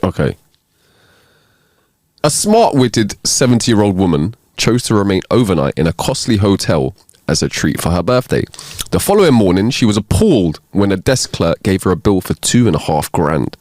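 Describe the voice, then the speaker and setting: A man co-hosting a casual comedy podcast, reading listener jokes aloud and playing the characters with lively put-on voices. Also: sits low, moderate pace, no echo, studio quality. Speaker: podcast co-host.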